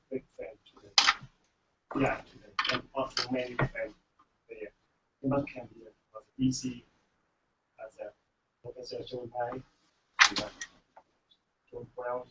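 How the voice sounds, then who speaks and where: A man organizing a forum, making a formal announcement with many hesitations and pauses. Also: mid-range voice, vocal fry. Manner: halting, many hesitations, sincere. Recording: distant dull mic with faint noise.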